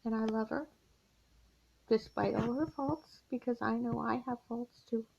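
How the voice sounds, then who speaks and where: This middle-aged woman's fairly high voice is gravelly, a little mellow, and slightly rough, with a steady tone. Vlogging from her mother's house in a confessional style, she confides slowly and wearily, heartfelt and sighing, and the home recording is dull and lo-fi.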